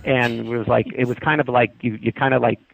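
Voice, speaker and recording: Gravelly man telling a story over the phone. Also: medium pitch, fairly quick. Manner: animated, acts out quoted voices, frequent restarts. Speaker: podcast guest. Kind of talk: casual storytelling. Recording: tinny dry phone line.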